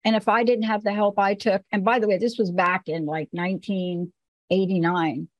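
A woman's voice: medium pitch, little pitch movement, normal speed. A woman from the Bronx, hosting a show and telling candid personal stories with emphasis. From the Bronx, New York. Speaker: host. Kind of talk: casual talk-show conversation.

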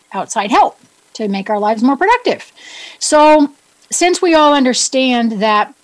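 A woman's voice: mid-range voice, rough recording. A woman with a New England accent giving a chatty, upbeat wellness talk to her listeners, joking about herself and asking them questions. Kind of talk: casual solo talk to listeners.

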